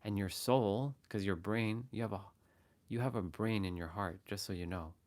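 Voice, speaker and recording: Speaking at normal speed in a lowish, somewhat dark tone, this livestream host runs a relaxed motivational session. He talks sincerely and says the same phrases over and over, showing various ways to deliver them.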